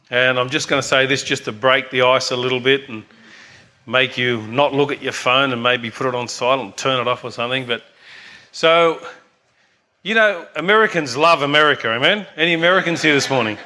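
A man's voice: medium pitch, normal speed, sharp tone. An older man preaching a sermon earnestly, often asking the congregation "amen?".

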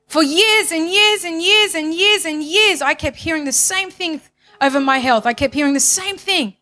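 A woman with a very high-pitched voice gives a passionate testimony in church at normal speed. She is emphatic and repetitive, swinging between loud and hushed.

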